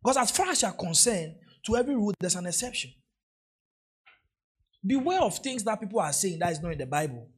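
A man's voice: sits high, big pitch swings, quick pace, slightly rough. A man preaching a sermon as pastor, hammering key phrases through repetition and drawing the congregation in to repeat and answer.

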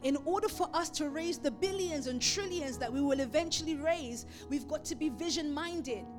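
Emphatic high-voiced woman preaching. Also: moderate pace, music in the background. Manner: emphatic, repeats phrases for rhythm. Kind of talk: sermon.

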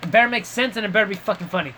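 A man's voice: sits high, very fast, bright, forceful tone, slight background noise. A man in casual gaming chat, rambling and profane, who often stops mid-sentence to search for a word.

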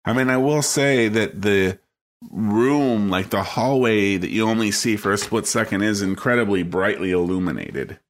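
A man co-hosting a podcast in casual chat, relaxed and agreeable, thinking aloud. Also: fairly low pitch, normal speed. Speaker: podcast co-host.

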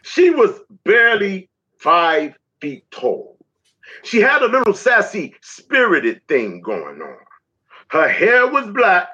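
A man's voice: high-pitched, pushed and bright. A man performing spoken word poetry in a rhythmic, dramatic recitation. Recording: dull lo-fi audio.

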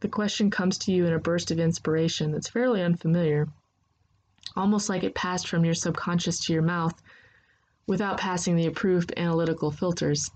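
A woman narrating a second-person story in a steady, unhurried reading voice. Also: lowish voice, a little hiss or hum, rough recording.

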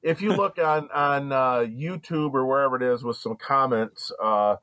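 A man's voice: mid-range voice, moderate pace, bright, forceful tone, dry recording. A man being interviewed as a guest comedian, talking casually and rambling with many fillers and restarts.

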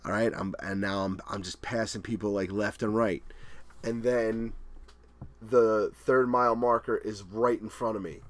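In an unhurried, lowish voice, a middle-aged man tells a race story in casual, profane chat. He's animated, acting out what people said as he goes.

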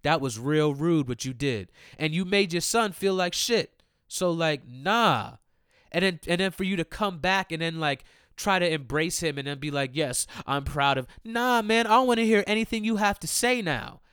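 A man's voice: high-pitched, lively intonation, normal speed, fairly bright tone, smooth, no echo, clean studio sound. A man hosting his own podcast, ranting in a profane, heated and repetitive way and talking straight to his listeners. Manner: talks directly to listeners. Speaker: podcast host. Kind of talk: casual solo podcast rant.

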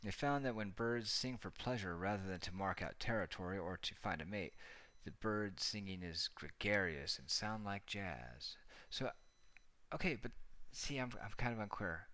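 A man's voice: lowish voice, pushed and bright. A man hosting a casual commentary monologue, sarcastic, profane and rambling.

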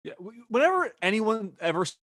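Husky, blunt man on a podcast. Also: high voice, very animated, a little fast, a bit bright, dry recording, clean studio sound. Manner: laid-back, blunt, swears freely. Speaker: podcast co-host. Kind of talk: casual TV review chat.

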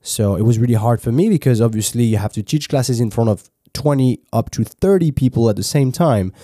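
A man with a French accent talks through a casual podcast monologue, relaxed and loose with his words, swearing now and then and circling back over half-finished phrases. His voice is mellow and warm. The recording is dry and close, with no room sound around him. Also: mid-range voice, a little fast, dry recording. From France. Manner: laid-back, swears freely, frequent restarts. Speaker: podcast host.

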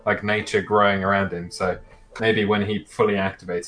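A man's voice: lowish voice, little pitch movement, normal speed, fairly bright tone. A man casually describing his tabletop character, hesitant, with many fillers and restarts. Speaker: player.

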